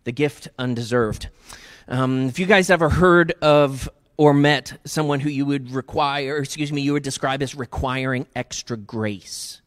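A man's voice: medium pitch, steady tone, moderate pace, few pauses. A man preaching as a pastor, telling stories in a chatty, upbeat way. He addresses his church congregation directly. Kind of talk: sermon. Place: church sanctuary. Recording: long reverb of a church hall.

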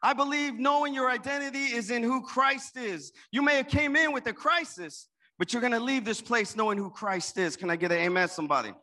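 Man, pastor, high voice, bright tone, call-and-response sermon. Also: brisk. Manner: call-and-response preaching, rising and dropping volume. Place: church with an in-person and online congregation.

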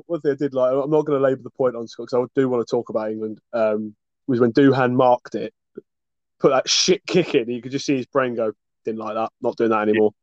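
A man's voice: medium pitch, brisk, a little mellow, no echo. A man co-hosting a casual sports chat, talking with passion and swearing freely. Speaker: podcast co-host. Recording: dull lo-fi dry recording.

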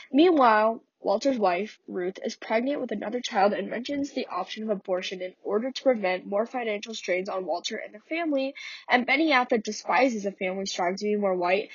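A woman's voice: on the high side, breathy edge, no echo. A young woman hosting a podcast, reading an earnest scripted summary of a play, with small restarts, on a slightly muffled recording. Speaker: podcast host.

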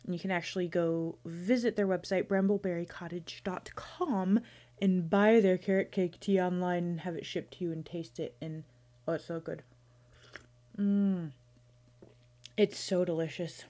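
A woman in her thirties talks through her own podcast in a relaxed, chatty way. Her voice sits a little low, and she rambles playfully, restarting her sentences as she goes. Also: moderate pace. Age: 30s. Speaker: podcast host. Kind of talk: casual solo podcast chat.

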